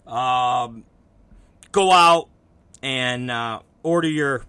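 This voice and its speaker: A man's voice: mid-range voice, very slow, pushed and bright, clean tone, no echo. A man hosting his own show, talking casually and swearing often while acting out both sides of conversations he has had. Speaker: podcast host. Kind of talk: casual profane monologue.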